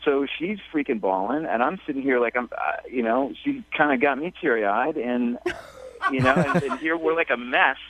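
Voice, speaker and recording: A man calling in to a radio show, talking in a halting way with many restarts. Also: medium pitch, a bit bright, no echo. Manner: halting, full of restarts and fillers. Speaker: caller. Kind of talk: radio call-in conversation. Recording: tinny phone line.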